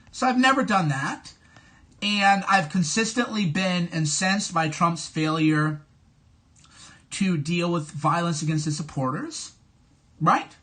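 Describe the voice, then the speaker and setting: A man's voice: sits high, bright, forceful tone. Combative, profane man ranting on a live stream. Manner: combative, profane, repeats questions insistently; mocks others in a whiny put-on voice. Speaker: livestream host. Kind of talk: live-stream rant answering commenters.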